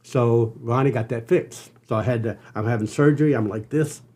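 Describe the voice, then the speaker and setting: An older man, a podcast guest, telling an earnest personal story with halting restarts. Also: mid-range voice, warm tone. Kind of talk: storytelling interview.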